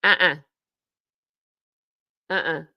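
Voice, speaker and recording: A woman's voice: deep voice, steady tone, drawn-out words, sharp tone. Woman, true crime YouTuber, indignant, exasperated, reads documents aloud and talks back at them. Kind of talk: reading court documents aloud with heated commentary.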